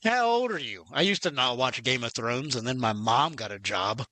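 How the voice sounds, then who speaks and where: A man's voice: medium pitch, expressive, moderate pace, bright, forceful tone, no echo. A man hosting a podcast in casual, crude chat, laughing and swearing often. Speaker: podcast host.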